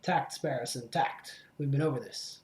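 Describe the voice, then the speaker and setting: A man voicing a composed male falcon defense attorney in a measured, lawyerly manner. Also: mid-range voice, reverberant, close to an everyday voice.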